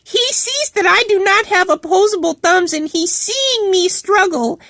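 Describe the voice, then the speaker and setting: A woman's voice: very high-pitched, animated, a little slow, pushed and bright, no echo, studio quality, exaggerated voice. A woman voicing an indignant, preachy female cow office worker in a storytime vlog, rambling with many fillers and restarts. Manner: preachy, quotes Bible verses. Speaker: channel host.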